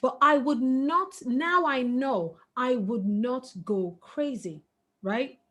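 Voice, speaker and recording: A woman's voice: high-pitched, slow. A middle-aged woman, a webinar guest speaker, giving parenting advice in an earnest, emphatic way. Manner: earnest, emphatic, breaks into laughter.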